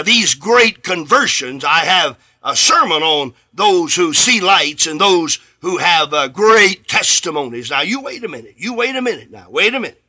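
High, bright-voiced emphatic preacher man. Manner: emphatic preaching with sudden swells and hushed drops; acts out bits of dialogue in his sermon. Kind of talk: radio sermon.

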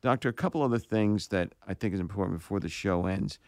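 A male talk show host, speaking haltingly and repeating words as he chats. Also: lowish voice, gravelly, darkish tone, no room sound, studio quality. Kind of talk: casual radio talk.

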